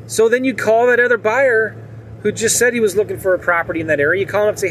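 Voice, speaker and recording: A man giving casual real estate investing advice, talking in an animated, hustling way and acting out phone calls. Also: high-pitched, quick pace, slight background noise, low-quality recording.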